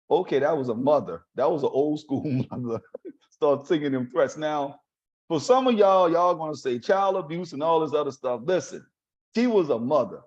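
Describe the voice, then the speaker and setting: A man from New hosts a podcast and tells stories in a casual, animated voice that sits a bit high for a man. He speaks straight to his listeners and chuckles now and then. The recording sounds dull and lo-fi. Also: moderate pace. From New Orleans, USA. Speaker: podcast host. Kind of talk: casual storytelling monologue. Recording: dull lo-fi audio.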